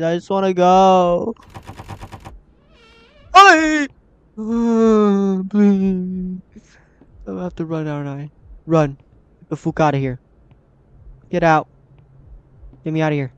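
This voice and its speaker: A high-voiced young man narrates his own horror game run in an unhurried drawl. He is jumpy and easily startled, and talks to himself and his viewers as he plays. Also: darkish tone, clean tone, dull audio. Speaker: gaming channel host. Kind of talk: horror game let's play commentary.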